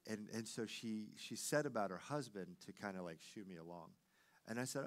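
Male pastor, sermon delivery, lively storyteller who acts out every quoted voice. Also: lowish voice, normal speed.

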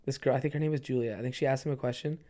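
A man's voice: medium pitch, fairly even intonation, racing, mellow. A man in his twenties hosting a comedy podcast, rambling casually and swearing. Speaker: podcast host.

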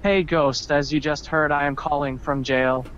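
A male caller speaking in a flat, deadpan way. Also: fairly high pitch, moderate pace. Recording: muffled phone call with faint hiss.

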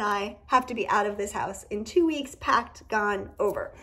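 A woman's voice: mid-range voice, normal speed, sharp tone, slightly rough. A woman giving a casual tarot reading at home, talking candidly and cursing freely. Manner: candid and profane, with emphatic asides. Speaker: tarot reader. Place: indoors at home.

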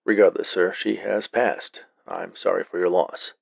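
Deadpan cop, read by a man, low husky voice, flat and unbothered. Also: a little slow, no room sound, heavily acted. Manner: flat, matter-of-fact. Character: calm deadpan male police officer.

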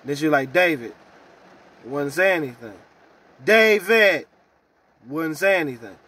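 A man ranting in a profane, heated vlog about trouble at work, swinging from loud outbursts to low mutters. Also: quick pace, breathy edge. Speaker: vlogger.

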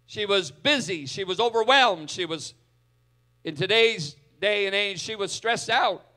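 Casting: male preacher in a church, bright ringing tone, slow and deliberate, big loud-to-quiet swings. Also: sits high, animated. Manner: dramatic, swings from loud to hushed. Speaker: pastor. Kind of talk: sermon.

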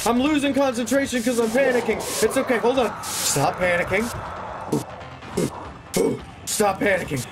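A man's voice: very high-pitched, normal speed, long pauses, over music. A man giving panicky, swearing, self-deprecating commentary while playing a video game. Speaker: gaming channel host. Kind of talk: gameplay commentary.

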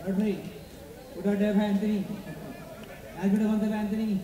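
Male match commentator, high voice, echoey distant loudspeaker at an outdoor ground. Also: flat delivery, a faint crowd. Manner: rapid player-name calls with playful asides. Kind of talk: live football play-by-play.

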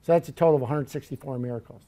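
A man preaching a sermon in a church, telling Bible stories in a lively, joking way. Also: medium pitch, rapid-fire.

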